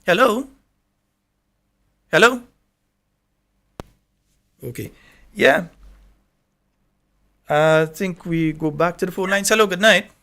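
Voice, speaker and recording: High, bright-voiced Grenadian radio host. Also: male voice, takes it slowly, vocal fry, pauses often. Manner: emphatic, scolding. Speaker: radio talk show host. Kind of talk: call-in radio talk.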